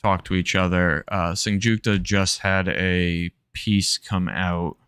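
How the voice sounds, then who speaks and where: Nasal male streamer, slow and low-pitched, smooth tone, rambling casual commentary with swearing. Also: fairly even intonation, a bit bright, dry recording, studio quality. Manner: rambling, self-interrupting, sprinkled with profanity.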